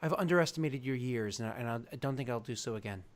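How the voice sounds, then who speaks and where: A polite, studious scholar, played by a man, explains things at length in formal phrases. His voice sits at an ordinary middle pitch. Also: quick pace, lightly acted. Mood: courteous. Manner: wordy and formal.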